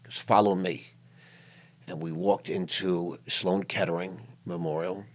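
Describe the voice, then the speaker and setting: Deep-voiced older man hosting in a studio. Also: little pitch movement, normal speed. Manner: emphatic, repeats words, tells personal stories. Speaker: podcast host. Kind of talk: emotional interview chat.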